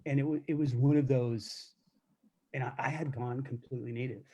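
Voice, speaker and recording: A man's voice: medium pitch, steady tone, fairly quick, warm tone, muffled recording. A middle-aged man telling candid, profane stories from his years as a corrections officer, in a casual live chat, with many restarts. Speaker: self-defense instructor recounting corrections work.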